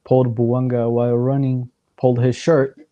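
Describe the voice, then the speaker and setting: A man casually chatting through a soccer watchalong as a streamer, his voice going hoarse, rambling as he works out the league standings aloud. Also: mid-range voice, little pitch movement, normal speed, no echo, narrow, tinny audio. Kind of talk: casual live match commentary.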